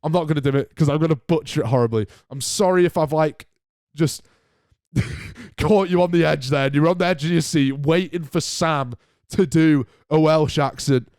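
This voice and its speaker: A man's voice: on the high side, moderate pace, darkish tone, no room sound. Young bloke rambling on his podcast, laughs at himself a lot, dry close sound. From north of England. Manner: rambling, self-mocking, often laughing. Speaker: podcast host. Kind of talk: solo podcast chat.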